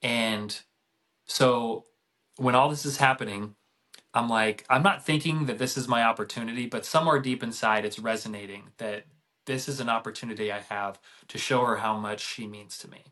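A man's voice: mid-range voice, moderate pace, pushed and bright. A middle-aged man, a podcast guest, telling a family story in a casual, rambling way with many restarts.

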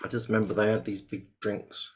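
A man hosting a webinar over a video call, chatty and joking, with sudden bursts of excitement. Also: on the low side, fairly quick. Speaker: host. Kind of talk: casual webinar chat.

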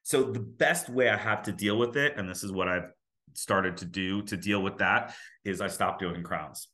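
A dentist in his fifties chatting casually as a guest, telling lively stories and acting out the voices he quotes. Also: deep voice, normal speed. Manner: animated storyteller who acts out quoted voices. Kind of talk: casual podcast conversation.

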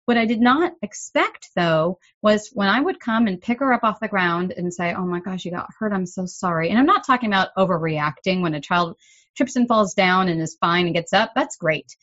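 A middle-aged woman hosting a parenting podcast, explaining in an earnest, gently emphatic way. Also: mid-range voice, animated, normal speed, no echo, muffled recording. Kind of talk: solo podcast talk.

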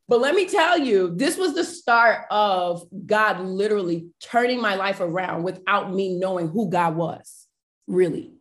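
A woman guest on a podcast, telling a personal faith story in an animated, emotional way and addressing listeners directly. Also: mid-range voice, unhurried. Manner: animated, emotional, acts out quoted voices.

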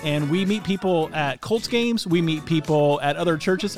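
A man's voice: high-pitched, normal speed, hardly any pauses, faint music behind. A man co-hosting a podcast, chatting in an upbeat, casual way with frequent "uh"s. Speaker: podcast co-host. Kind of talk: casual chat.

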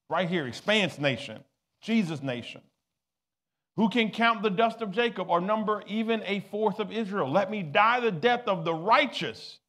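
A man pastoring a church, preaching a sermon and calling on the congregation to answer back. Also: sits high. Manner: preaching, rising to loud exhortation, calling for responses. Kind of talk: sermon with audience call-and-response.

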